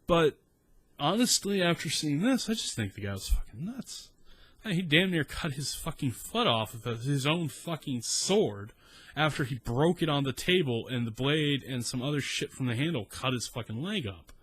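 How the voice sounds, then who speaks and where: A man's voice: fairly high pitch, normal speed, breathy edge. Profane rambling man from South Texas. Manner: profane, rambling, animated storytelling. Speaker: storyteller. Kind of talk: casual story time.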